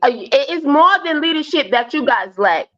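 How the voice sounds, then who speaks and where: A brash woman pushing back hard in a live panel debate, taunting and laughing at the other side. Her voice sits high. The audio is dull and lo-fi, like a compressed stream. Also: expressive, normal speed, a bit bright.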